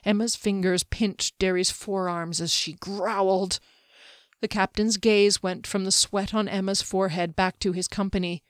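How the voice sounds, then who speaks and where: A woman's voice: medium pitch, smooth, no room sound. Woman narrating a fantasy novel, dry close mic. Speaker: author reading her own novel.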